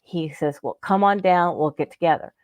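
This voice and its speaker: A Florida resident with a lowish, darkish voice speaks at a moderate pace as she relates a long personal story in a casual radio chat. She breaks into laughter often and voices the people she quotes.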